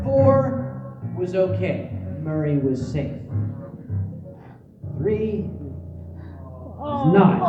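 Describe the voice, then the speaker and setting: Brief: man from Canada, live comic storyteller, lively pitch, booming to hushed, roomy hall with music. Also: slow pace, long pauses, distant mic, lo-fi sound. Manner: theatrical, swings from hushed asides to booming shouts. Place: convention event room.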